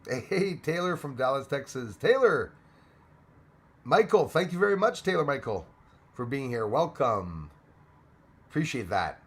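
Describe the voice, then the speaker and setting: A man from Canada hosting a casual livestream, chatty, thanking viewers by name and laughing often. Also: fairly high pitch. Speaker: livestream host.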